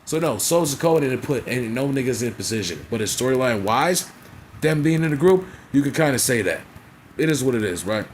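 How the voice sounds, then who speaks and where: A man's voice: medium pitch, slight background noise. A man casually recapping a wrestling show in a vlog, blunt and profane, constantly checking in with "right?" and "you feel me?".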